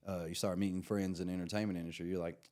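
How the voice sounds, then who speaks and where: Lowish-voiced comedian telling a story. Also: male voice, fast talker. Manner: animated, slangy, acts out quotes. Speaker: podcast guest, comedian. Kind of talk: casual storytelling chat.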